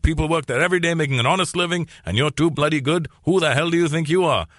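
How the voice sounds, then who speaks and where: A man's voice: on the high side, fast talker, a bit bright, no echo, clean studio sound, pitched above the performer's own voice, lightly acted. A man putting on the voice of his stern, disapproving father, who scolds in a raised, indignant voice.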